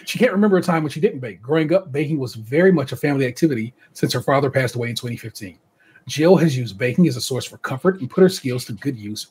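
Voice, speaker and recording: A man's voice: mid-range voice, darkish tone, husky. A man hosting a casual podcast, reading out contestant bios and breaking off for chatty asides and laughter. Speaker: podcast host.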